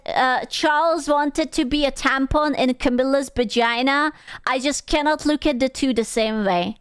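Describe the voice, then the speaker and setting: A woman's voice: sits high, dry recording, clean studio sound. A young woman streaming, chatting casually with her viewers; she is crude, teasing and playful, and laughs often. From Europe. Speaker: VTuber streamer.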